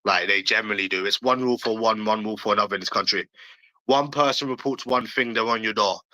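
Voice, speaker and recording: A man's voice: on the low side, quick pace, bright, forceful tone, no room sound, low-quality recording. A man ranting on a livestream, talking bluntly and profanely and repeating himself, while addressing viewers in chat. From London, England.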